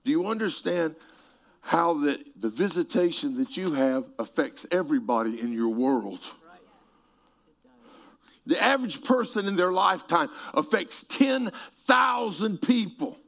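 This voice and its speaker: A middle-aged man preaching a sermon and telling stories, moving between quiet passages and shouted peaks. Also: on the high side, animated, unhurried, vocal fry. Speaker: pastor. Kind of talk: sermon storytelling.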